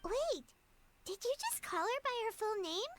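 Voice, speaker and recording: A woman's voice: very high-pitched, expressive, unhurried, over loud music. An actress voicing a devoted young girl in a game, earnest and pleading. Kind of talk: game dialogue.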